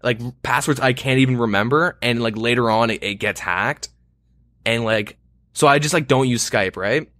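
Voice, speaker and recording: A man's voice: medium pitch, moderate pace, sharp tone, dry recording, studio quality. A young man co-hosting a podcast, telling a long story in casual chat, rambling with lots of fillers and frequent swearing. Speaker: podcast co-host.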